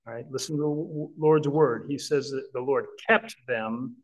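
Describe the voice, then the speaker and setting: A man's voice: mid-range voice, moderate pace, hardly any pauses, poor audio. A man preaching a Bible-teaching sermon in an earnest, emphatic way, often checking in with listeners.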